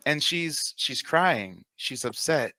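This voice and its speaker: A man's voice: fairly high pitch, lively intonation, slow pace, pushed and bright. A man casually retelling a personal story in a played clip, candid and profane.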